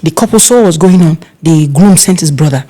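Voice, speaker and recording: A middle-aged Nigerian woman, an event planner being interviewed, telling stories in a casual, animated way and acting out other people's voices. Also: brisk. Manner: animated, acts out quoted voices with big pitch jumps.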